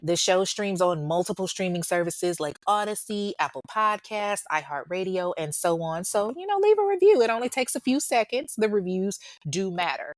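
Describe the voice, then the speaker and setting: A lower-voiced woman hosting a true crime podcast, recorded dry and close with no room sound. She talks in a blunt, outspoken way, curses freely and chats informally with her listeners. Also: moderate pace, few pauses, no room sound. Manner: chatty, informal, addresses listeners as y'all. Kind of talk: casual podcast chat and outro.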